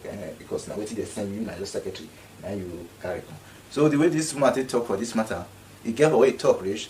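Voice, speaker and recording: Fast-talking Nigerian Pidgin man, distant mic. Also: on the low side, darkish tone, a little hiss or hum. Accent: Nigerian Pidgin English. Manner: indignant, repeats himself. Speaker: commentator. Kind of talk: casual commentary vlog.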